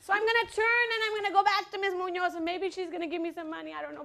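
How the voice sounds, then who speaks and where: A dance teacher with a high, creaky voice runs a children's dance class in a classroom. She speaks in a rapid-fire, energetic way, encouraging the kids and counting the beat out loud.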